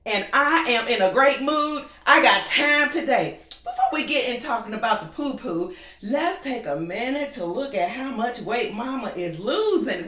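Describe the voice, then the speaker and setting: A woman hosting her own show, delivering a sassy, animated monologue and laughing often. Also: on the high side. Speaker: show host. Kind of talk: casual talk-show monologue. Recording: roomy echo.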